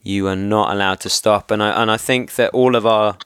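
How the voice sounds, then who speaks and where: A man's voice: fairly low pitch, steady tone, fairly quick, fairly bright tone, clean tone, dry recording, studio quality. An English man hosting a casual podcast chat, rambling and chummy, often laughing as he talks. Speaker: podcast host.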